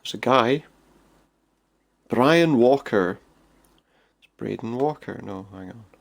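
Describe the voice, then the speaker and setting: A man's voice: lowish voice, moderate pace, gravelly, fairly bright tone. A man casually commenting on a role-playing game he is playing, chatty and thinking aloud as he goes. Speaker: gaming streamer. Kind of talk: casual let's-play commentary.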